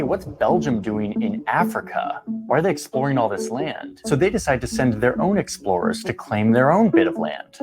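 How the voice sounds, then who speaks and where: A man narrates a history explainer in an easy, conversational tone at a middling pitch. He mixes wry, slangy asides with dramatic pauses. Music plays clearly behind him. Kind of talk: casual scripted explainer narration. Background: background music.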